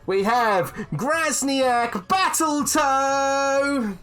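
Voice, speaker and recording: A man voicing an excitable female announcer calling out contestants at a pub drinking contest in a tabletop game. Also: very high voice, faint music behind, voice pushed up, exaggerated voice. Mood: hyped. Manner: shouting, drawn-out hype calls.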